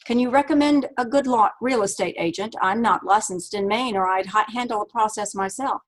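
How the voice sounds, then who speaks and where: Woman reading a brisk, worn-out woman who cuts calls short; husky, clipped. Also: medium pitch, voice pushed up, natural voice. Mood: curt. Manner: clipped, dismissive replies. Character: weary woman, curt and brisk.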